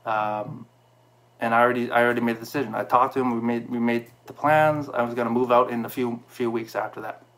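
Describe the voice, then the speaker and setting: A man's voice: mid-range voice, fairly even intonation, fast talker, a bit bright. A man telling an emotional personal story in a candid, heartfelt way, with frequent fillers and restarts. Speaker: storyteller sharing a personal experience.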